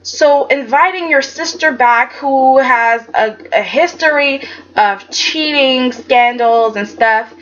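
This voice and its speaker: A woman reviewing a soap opera episode in casual chat, animated and chatty, acting out quotes in dramatic voices. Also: sits high, slow pace. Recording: dull lo-fi sound with faint background noise.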